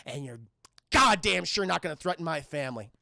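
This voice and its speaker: A man's voice: a little high, expressive, brisk, creaky, sharp tone, dry recording, heavily acted. A man voicing a fed-up, bitter ordinary middle-aged man in a seething rant.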